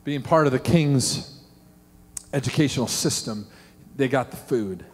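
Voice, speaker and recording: A middle-aged man, a pastor preaching a sermon and telling animated stories with questions to the congregation. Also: mid-range voice, measured pace. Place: church sanctuary. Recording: long hall reverb.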